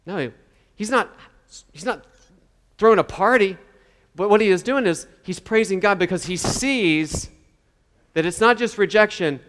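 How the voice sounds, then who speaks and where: Male pastor, casual sermon delivery, slightly high voice, long hall reverb. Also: moderate pace, long pauses, a bit bright. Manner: conversational, acts out quoted voices.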